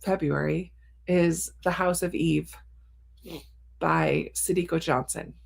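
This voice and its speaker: A woman's voice: sits low, steady tone, takes it slowly, gravelly. A woman hosting a cozy reading livestream from her attic, reading viewers' comments aloud and reacting with frequent laughs. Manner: laughs often between comments. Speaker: booktuber host reading live chat. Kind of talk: casual livestream chat. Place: home attic.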